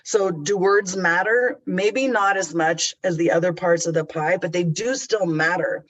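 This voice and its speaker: A man's voice: sits high, a little slow, fairly bright tone, highs cut off. A middle-aged man giving a customer service training webinar in a chatty, candid, conversational way over a computer mic. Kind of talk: webinar presentation.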